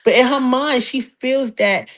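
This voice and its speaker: A woman hosts a casual call-in gossip show. She talks in a sassy, emphatic way, hammering her points with repetition. Her voice sits a little high. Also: unhurried. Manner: sassy, emphatic, repeats phrases. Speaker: podcast host.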